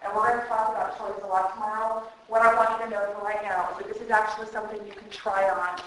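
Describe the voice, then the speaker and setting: A woman preaching at a retreat, lively and emphatic, repeating words for effect. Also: mid-range voice, fast talker, far from the mic, a little hiss or hum. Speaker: retreat speaker. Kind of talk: sermon. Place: hall at a church retreat. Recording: echoey hall.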